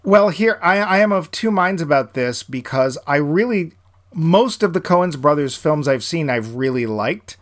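Animated man chatting about films. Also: a little high, normal speed. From New England. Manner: animated, trails off and restarts while searching for names. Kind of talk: casual film chat.

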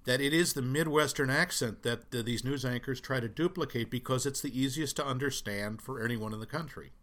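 A man's voice: mid-range voice, a little fast, a bit bright. A middle-aged man from the Boston area, co-hosting a casual movie talk and often quoting lines in put-on voices. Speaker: podcast co-host.

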